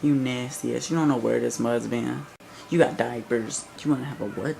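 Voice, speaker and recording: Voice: medium pitch, steady tone, normal speed, vocal fry, a little mellow, low-quality recording. A vlogger from the American South with a Southern accent, delivering a blunt, sarcastic, profane comic rant to camera.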